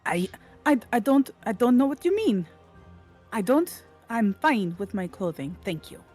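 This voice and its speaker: A woman's voice: fairly high pitch, very animated, a little slow, darkish tone, husky, faint music behind, pitched above the performer's own voice, exaggerated voice. A woman voicing an uncomfortable young woman adventurer who stammers and speaks formally. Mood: flustered.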